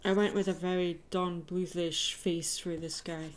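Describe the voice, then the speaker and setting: A woman's voice: lowish voice, flat delivery, measured pace, a little hiss or hum. A woman chatting casually about her drawing during an art livestream. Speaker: artist streamer. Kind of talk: casual chat while drawing.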